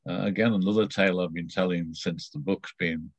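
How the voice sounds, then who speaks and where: Deep-voiced rambling middle-aged man. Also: steady tone, no room sound, lo-fi sound. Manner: rambling, halting with many fillers and restarts. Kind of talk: casual storytelling.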